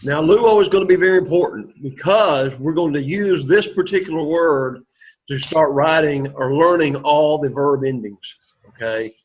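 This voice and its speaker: A man's voice: a little high, moderate pace, slight background noise. A man teaching an introductory Greek class, encouraging students and having them repeat words aloud. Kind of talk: classroom lecture. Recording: lo-fi classroom recording.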